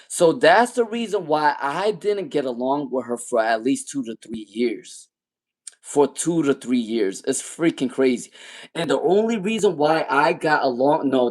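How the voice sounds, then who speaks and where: A man in his thirties telling a personal story in casual monologue, emphatic and animated, often repeating his points. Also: medium pitch. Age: 30s. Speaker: tarot channel host.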